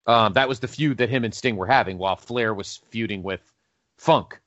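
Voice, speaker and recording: A man co-hosting a casual podcast, counting down matches in a lively, newscaster-like delivery. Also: lowish voice, normal speed, no room sound. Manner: lively, breaks into a mock newscaster voice for recaps. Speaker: podcast co-host. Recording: dull lo-fi Skype call sound.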